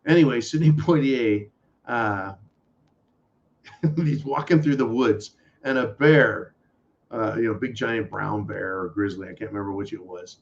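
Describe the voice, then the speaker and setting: On dull lo-fi audio with slight background noise, a man with a fairly low, creaky voice speaks a little slowly. He hosts a political talk show podcast, delivering an angry, blunt rant full of profanity and mockery.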